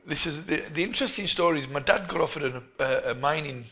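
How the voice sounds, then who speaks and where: A middle-aged English man, a football coach being interviewed, who tells stories in an animated way and often restarts his phrases. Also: on the high side, fast talker. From England. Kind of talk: storytelling interview.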